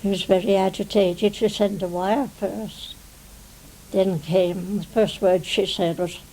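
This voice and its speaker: An elderly English woman in her nineties talks through old memories for a 1990 television interview. Her voice is dark and mellow with a gravelly edge, and she speaks slowly. She rambles, tucking "you see" into her sentences. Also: medium pitch, steady tone, slight background noise, low-quality recording. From England. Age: 90s. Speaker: interviewee, retired stage actress. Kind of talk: reminiscing interview.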